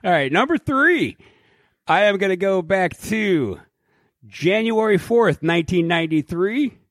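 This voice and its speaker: A man co-hosting a casual podcast, telling stories in an animated, profane way. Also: high-pitched, unhurried, no room sound, clean studio sound.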